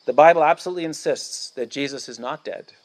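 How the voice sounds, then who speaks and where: Emphatic, fairly high-voiced male pastor preaching. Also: fast talker. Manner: emphatic, repetitive, declamatory. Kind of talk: sermon. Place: outdoors at a church picnic.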